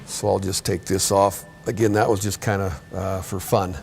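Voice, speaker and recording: Relaxed male auto-shop instructor. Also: deep voice, moderate pace, creaky, background noise. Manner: relaxed, chatty, corrects himself often. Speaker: automotive instructor. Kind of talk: hands-on workshop demonstration.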